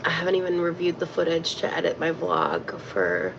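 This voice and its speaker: A woman's voice: on the low side, big pitch swings, normal speed, vocal fry. A tired woman chatting on a livestream, rambling and hesitant with many fillers. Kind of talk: casual livestream chat. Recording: dull lo-fi stream audio with faint noise.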